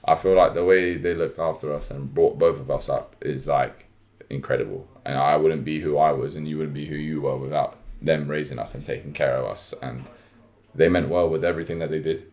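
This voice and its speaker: A man's voice: rumbling low, brisk. A young man, co-hosting a casual podcast chat and animatedly telling stories, acting out his mother's lines. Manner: animated storytelling, acts out his mum's lines. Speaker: podcast co-host.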